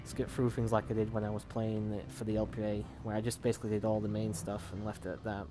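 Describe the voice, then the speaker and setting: A man's voice: fairly low pitch, completely flat delivery, fast, over music. A man hosting a let's play, giving rambling, casual gameplay commentary with the odd swear.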